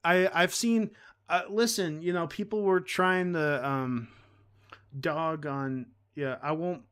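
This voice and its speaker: A man's voice: a little high, fairly even intonation, takes it slowly, fairly bright tone, clear, resonant tone. A man hosting a live stream, talking casually in a rambling, heated way with many restarts. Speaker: streamer host.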